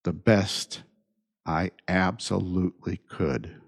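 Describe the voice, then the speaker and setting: Low gravelly-voiced man musing slowly. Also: steady tone. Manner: unhurried, repeats points with rhetorical questions. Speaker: podcast host. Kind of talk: reflective monologue.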